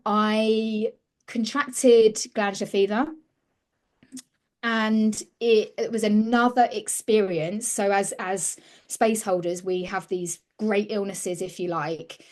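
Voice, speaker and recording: A woman's voice: medium pitch, steady tone, takes it slowly, darkish tone. A woman, a mentor being interviewed, telling her story in an earnest, reflective way and often restarting mid-sentence. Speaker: women's mentor, interview guest.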